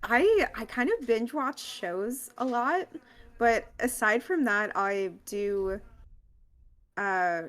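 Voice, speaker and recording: A woman's voice: on the high side, animated, slow, a bit bright. A woman streamer being interviewed over a video call, giggly and hesitant, with lots of fillers. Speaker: guest streamer. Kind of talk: casual video-call chat.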